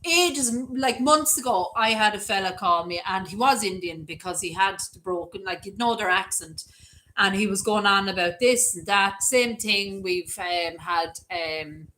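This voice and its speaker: A woman's voice: medium pitch, a little slow, pushed and bright, rough recording. A middle-aged Irish woman hosting a livestream, chatting and rambling through stories. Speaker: livestream host. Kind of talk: casual livestream chat reading comments.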